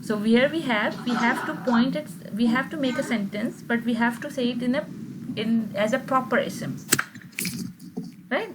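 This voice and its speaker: A woman's voice: on the high side, lively intonation, normal speed, background noise. A woman teaching an online grammar class, explaining patiently and often checking with her students. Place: video call.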